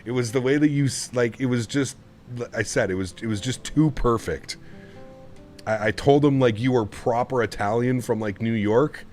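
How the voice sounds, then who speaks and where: A man's voice: mid-range voice, normal speed, a little mellow, soft background music. A man live-streaming a flight simulator, chatting casually and rambling to his viewers while he flies. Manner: chatty, rambling, laughs often. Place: home sim setup.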